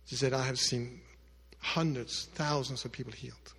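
A man's voice: mid-range voice, steady tone, moderate pace, creaky, hardly any pauses, slightly rough. Male pastor preaching to the congregation, middle register, dynamic delivery, reverberant church hall. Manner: swings between loud emphatic lines and quiet hushed ones; speaks directly to the congregation with asides. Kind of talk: sermon storytelling.

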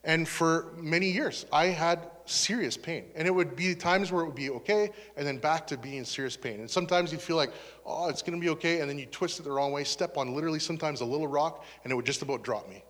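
Pastor, male, slightly high voice, earnest conversational testimony, long hall reverb. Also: fast, few pauses, fairly bright tone. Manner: earnest, conversational, turns emotional. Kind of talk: testimony sermon.

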